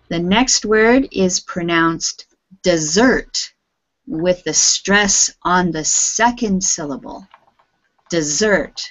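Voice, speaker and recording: Brief: woman English teacher, slow and careful delivery, dull lo-fi call audio. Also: fairly low pitch. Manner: slow, patient, clearly enunciating. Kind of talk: online class teaching.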